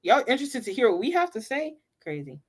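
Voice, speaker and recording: A woman chatting casually as co-host, telling an animated story with lots of "like" and frequent laughter. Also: fairly high pitch, fast talker, crowd noise. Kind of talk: casual fan chat.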